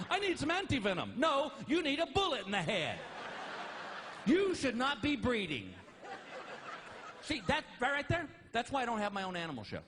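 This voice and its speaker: Male stand-up comic, very high voice, wildly lively delivery, shouted rants. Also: normal speed, long pauses, noisy background. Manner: animated storytelling with shouted outbursts. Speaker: stand-up comedian. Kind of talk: stand-up comedy. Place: stage before a live audience.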